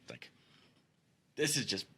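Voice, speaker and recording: A man's voice: measured pace, sharp tone. A man co-hosting a podcast, telling a story in loose, profane casual chat, full of "like" and acted-out quotes. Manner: loose and profane, heavy use of "like", acts out quotes. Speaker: podcast co-host.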